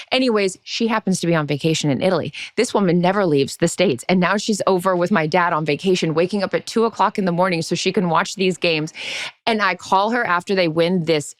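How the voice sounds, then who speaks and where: A woman from the US Pacific Northwest, co-hosting a podcast and telling an excited story full of asides in casual chat. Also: lowish voice, no echo, clean studio sound. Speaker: podcast co-host. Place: sunny podcast studio.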